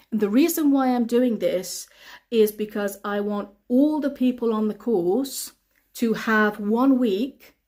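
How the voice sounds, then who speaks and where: A woman with a somewhat high voice teaches English on a live stream. She reads her viewers' questions aloud and answers each one, repeating the key points patiently so that learners can follow. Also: a little mellow.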